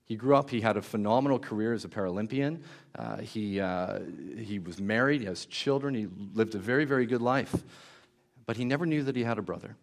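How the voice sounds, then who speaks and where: A man preaching a sermon, telling a moving story with warmth and hushed, emotional moments. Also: on the low side, a little fast, creaky.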